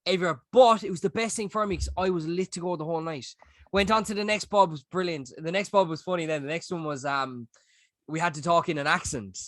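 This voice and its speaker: A young Irish man co-hosting a podcast, telling a rowdy story in a casual, animated way with plenty of swearing. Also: fairly high pitch, fast, no echo. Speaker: podcast co-host. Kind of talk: casual chat.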